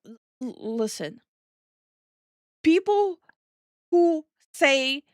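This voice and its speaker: A woman from Estonia talks on a live stream in a blunt, opinionated way, swearing freely as she co-hosts. Her voice sits a little high. The sound is dry and close to the mic. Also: fairly bright tone, no room sound. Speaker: VTuber streamer and co-host. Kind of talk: casual stream chat.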